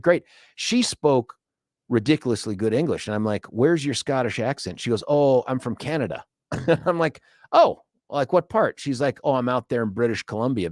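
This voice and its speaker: A man's voice: medium pitch, a little mellow, dry recording, studio quality. A middle-aged man hosting a talk radio show, telling a travel story in a chatty, self-mocking way. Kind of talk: casual talk radio chat. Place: radio studio. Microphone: studio microphone.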